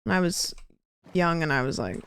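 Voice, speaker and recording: A woman's voice: lowish voice, lively intonation, moderate pace, clear, resonant tone. A young woman streaming a game, chatting with viewers in a rambling, casual way. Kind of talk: casual gameplay chat.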